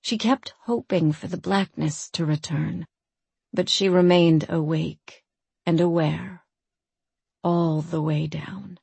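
Slow, low-voiced woman narrating a story. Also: steady tone, vocal fry, a little mellow, breathy edge, no room sound. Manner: measured, unhurried storytelling. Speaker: audiobook narrator. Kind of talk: scripted fantasy narration.

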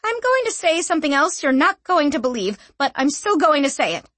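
A woman's voice: sits high, sing-song, a little fast, a bit bright, no echo, voice pushed up. A woman voicing a brash, defiant young woman who talks bluntly and urgently and swears, in an audiobook.

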